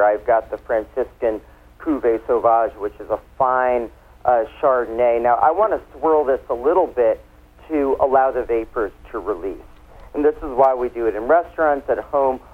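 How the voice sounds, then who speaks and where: A man's voice: mid-range voice, normal speed. A man, a wine expert guest, explaining things in a chatty, playful way during a casual radio interview. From United States. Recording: tinny phone line.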